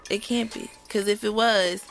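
Gravelly-voiced woman chatting softly. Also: mid-range voice, steady tone, moderate pace, faint music behind. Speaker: podcast co-host. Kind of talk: casual podcast chat.

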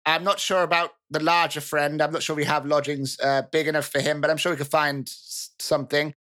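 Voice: medium pitch, flat delivery, fairly quick, a bit bright, close to an everyday voice. A game master voicing the chatty, proud queen of a tabletop game's mouse folk, who talks in a rambling, casual way. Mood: indignant.

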